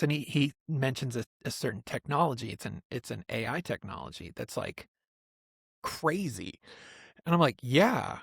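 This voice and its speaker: A man's voice: a little high, measured pace, vocal fry, pauses often, breathy edge, no echo, clean studio sound. A man hosting a podcast, telling a family story in casual chat and acting out the quotes as he goes. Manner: animated storyteller, acts out quotes. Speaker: podcast host.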